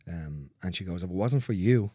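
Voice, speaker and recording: This low-pitched, warm, husky male voice moves at a moderate pace with lively intonation, captured clean and dry in a studio. The speaker, a manual therapist, swaps client stories in relaxed conversation, cursing bluntly while imitating what people said.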